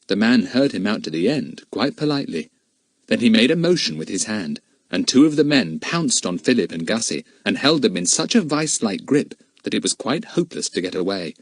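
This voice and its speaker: A man reading a children's adventure novel aloud as narrator, in a steady storytelling manner. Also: fairly low pitch, brisk, no echo, studio quality. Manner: steady storytelling, shifting into character voices. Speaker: audiobook narrator. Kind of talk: scripted narration.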